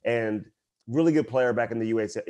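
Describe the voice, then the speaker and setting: A man's voice: mid-range voice, fairly quick, darkish tone. A man co-hosting a podcast who works as a broadcaster, telling a story in casual chat while laughing at himself.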